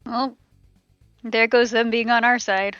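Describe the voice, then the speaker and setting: A woman playing a tabletop game, talking in a relaxed, chatty way. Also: fairly high pitch, a little slow, smooth, no echo, highs cut off, soft background music. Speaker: player. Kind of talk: casual tabletop game play.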